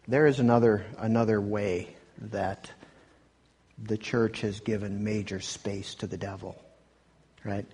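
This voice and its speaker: A man's voice: fairly low pitch, a little mellow, breathy edge, in a large hall. A man pastor giving a conversational sermon, often restarting and asking "right?". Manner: conversational, self-interrupting, rhetorical "right?". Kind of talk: sermon with commentary on clips.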